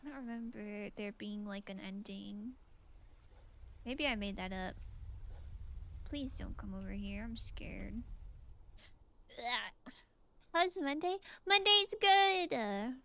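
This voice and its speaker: A woman's voice: medium pitch, a little slow, vocal fry, long pauses. A woman streamer chatting casually while playing a game, musing aloud and answering her chat.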